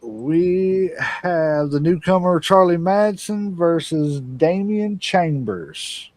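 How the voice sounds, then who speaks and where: A man's voice: a little high, slow pace, darkish tone, no echo. A man hosting a casual wrestling podcast, easygoing and rambling, chatting and laughing with his co-hosts. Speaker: podcast host. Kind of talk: casual chat.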